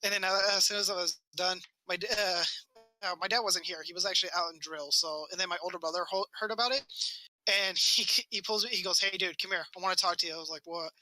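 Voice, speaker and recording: A man's voice: high-pitched, fairly even intonation, quick pace, bright, forceful tone, low-quality recording. A man on a casual podcast telling a rambling childhood story, swearing often and acting out what people said. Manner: rambling, swears a lot, acts out quotes. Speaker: podcast co-host.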